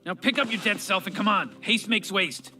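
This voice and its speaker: A man's voice: sits high, moderate pace, bright, forceful tone, soft background music. A man voicing an arrogant old male scientist in a cartoon who rambles and stammers. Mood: dismissive. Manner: brash and dismissive. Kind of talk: cartoon voice acting.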